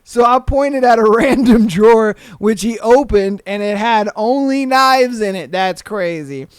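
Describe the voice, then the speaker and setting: A man's voice: sits high, clear, resonant tone, dry recording, clean studio sound. A man hosting a podcast, reading listener stories aloud and reacting with slangy, profane jokes and frequent laughter. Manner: laughs often, slangy and profane, mimics people in quick voices. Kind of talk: casual podcast commentary.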